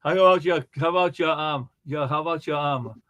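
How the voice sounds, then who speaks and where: A man's voice: fairly high pitch, a little fast, fairly bright tone. A man rambling through funny stories in casual chat, acting out the other people's lines as he tells them. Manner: rambling joke-telling, acts out quoted voices. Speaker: live stream host.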